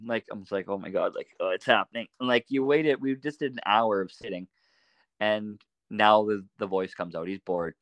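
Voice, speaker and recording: A man on a podcast as a guest, telling animated anecdotes in a casual way and laughing often. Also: lowish voice, normal speed, no echo. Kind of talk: casual storytelling.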